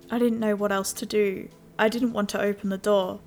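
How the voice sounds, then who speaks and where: A woman narrating a first-person horror story in a steady storytelling voice. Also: mid-range voice, normal speed, few pauses, soft background music. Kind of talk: scripted scary story narration.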